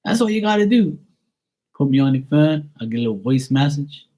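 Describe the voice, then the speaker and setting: A man's voice: on the high side, very animated, fairly quick, dark tone. A middle-aged man reading tarot on a live stream, chatting casually and bantering playfully with viewers in the chat.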